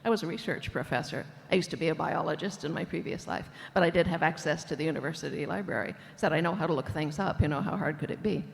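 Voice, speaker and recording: A woman's voice: low-pitched, quick pace, gravelly, few pauses, in a large hall. An older woman author speaking on a panel with wry, dry humor. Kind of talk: casual panel talk.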